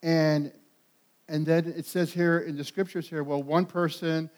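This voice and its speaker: A pastor preaching a sermon, animated and emphatic. He rises to loud peaks and often repeats and restarts words. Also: a little high, unhurried.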